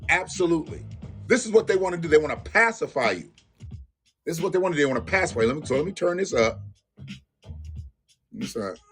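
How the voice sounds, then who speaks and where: A man's voice: a little high, lively intonation, fast, pauses often, a bit bright, faint music behind. A man hosting a live-stream commentary show, ranting bluntly and profanely and talking straight to his viewers. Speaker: livestream host.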